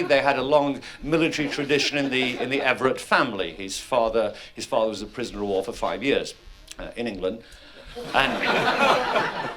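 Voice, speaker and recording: A man on stage giving a mock tribute, delivering dry comic asides about a fellow entertainer. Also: mid-range voice. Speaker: comedian. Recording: loud hiss on old vinyl live recording.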